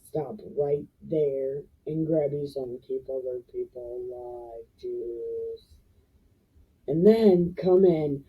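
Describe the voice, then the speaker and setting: A woman's voice: rumbling low, takes it slowly, slightly rough. A woman hosting a show, retelling Bible stories in a jokey, profane, slangy way. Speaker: host reading the Bible. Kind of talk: irreverent comic Bible retelling. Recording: tinny phone-like sound.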